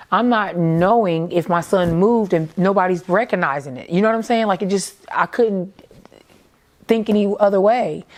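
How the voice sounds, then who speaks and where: A woman tells her story in a slightly low voice. Her speech comes in halting bursts, full of fillers and repeated phrases, in the manner of emotional first-person testimony. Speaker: mother recounting her son's death.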